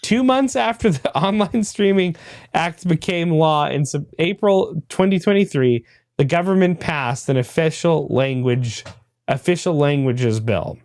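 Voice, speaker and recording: A man's voice: fairly high pitch, a little slow, a little mellow, no echo. A man hosting a podcast, reading a news article aloud and breaking off for dry, laughing asides. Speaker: podcast host.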